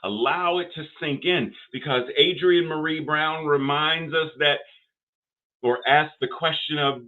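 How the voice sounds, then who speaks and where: An older man, preaching as a minister, builds rhythmic, repetitive phrases up to rising emphasis. His voice is a little high and unhurried, heard through narrow-band, phone-like audio.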